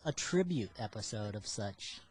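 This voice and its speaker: A man's voice: on the low side, lively intonation, moderate pace, breathy edge. A man co-hosting a casual podcast, playful and teasing as he talks through stories and plans. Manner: teasing, playful, hints at what comes next. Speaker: podcast co-host. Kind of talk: casual chat.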